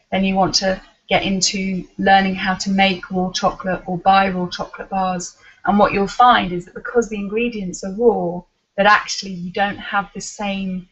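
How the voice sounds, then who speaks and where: A woman's voice: medium pitch, breathy edge. Female workshop host, reads comments aloud, muffled lo-fi sound. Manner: reads out listener comments and replies. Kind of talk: online workshop talk. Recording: dull lo-fi recording.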